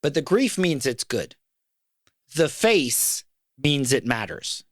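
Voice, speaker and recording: A middle-aged man co-hosting a podcast talks in a casual conversation with earnest reflection, speaking about fatherhood with feeling. His mid-range, slightly bright voice is very animated yet slow, recorded in studio quality with no room sound.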